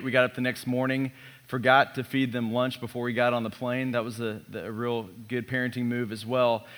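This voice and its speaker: A man in his thirties, a pastor preaching a sermon built around a personal story, animated and self-mocking. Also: medium pitch.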